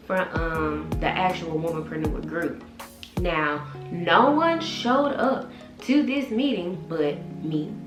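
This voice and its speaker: A woman in her twenties telling a personal story to her camera in a casual, animated vlog style. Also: fairly low pitch. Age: 20s. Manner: animated, quotes others in voices, chatty. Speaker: vlogger and author. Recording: echoey room with background music.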